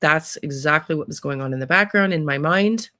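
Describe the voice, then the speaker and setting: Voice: medium pitch, a little fast, sharp tone, no echo, clean studio sound. An American true crime psychic host talking casually to viewers in a rambling monologue full of restarts and trailing asides.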